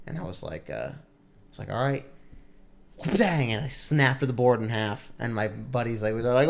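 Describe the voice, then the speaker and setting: A man's voice: medium pitch, fairly quick, vocal fry. Rambling man telling a story. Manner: rambling, full of likes and restarts. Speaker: podcast co-host. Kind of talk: casual storytelling.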